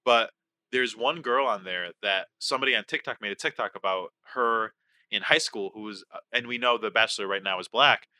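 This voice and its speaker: A young man co-hosting a casual comedy podcast, rambling and self-deprecating, with a lively, joking delivery. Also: on the low side, a little fast. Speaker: podcast co-host.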